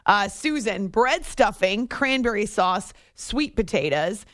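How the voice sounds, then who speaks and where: A woman's voice: medium pitch, animated, takes it slowly, fairly bright tone, dry recording, studio quality. A woman from the Southern US hosting a talk radio show, chatting and laughing as she reads listener messages. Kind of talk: casual sports talk radio chat. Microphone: studio microphone.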